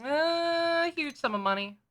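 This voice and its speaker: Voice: high voice, expressive, a little slow, a bit bright. A streamer chatting casually while playing a game live, reading lines aloud, laughing often and grumbling wryly.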